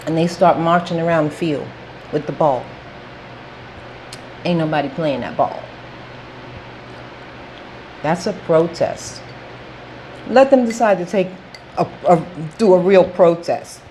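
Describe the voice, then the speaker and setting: Woman, vlogger, casual opinion monologue, emphatic, slow delivery, faint background hiss. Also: fairly low pitch, a little mellow, poor audio. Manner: emphatic, repetitive, often asks "okay?".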